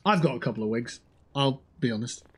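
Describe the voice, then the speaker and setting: A man's voice: medium pitch, animated, moderate pace, husky. A man chatting casually on a gaming livestream, joking and swearing at opponents while he plays and talking into a headset mic. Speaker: streamer playing a shooter game.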